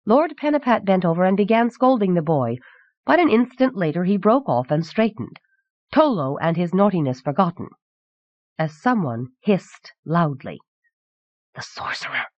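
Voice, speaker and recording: A woman's voice: mid-range voice, sing-song, moderate pace, no room sound. Woman narrating on dull cassette. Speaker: audiobook narrator. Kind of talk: scripted narration. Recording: dull, dry old cassette recording.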